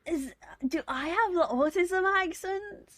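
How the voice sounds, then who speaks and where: A woman with a posh British accent and a husky, deepish voice, chatting casually on a late-night stream in a rambling, giggly, self-mocking way. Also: lively intonation, measured pace, fairly bright tone, no echo. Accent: posh British English. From Britain. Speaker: live streamer.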